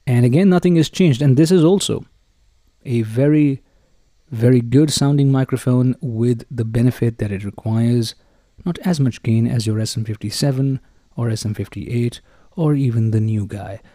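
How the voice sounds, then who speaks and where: A man hosting a podcast and testing microphones close up, with a showy manner that keeps addressing the ladies and gentlemen. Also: mid-range voice, moderate pace, no room sound. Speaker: podcast host. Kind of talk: casual microphone review talk. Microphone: handheld dynamic mic held close.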